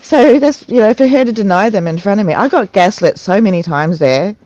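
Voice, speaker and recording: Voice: mid-range voice, lively intonation, warm tone, no echo, highs cut off. An adult talking candidly at a recovery meeting, with many restarts, fillers and laughs while recounting. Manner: halting, frequent restarts and fillers. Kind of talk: candid personal sharing. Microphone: online video call.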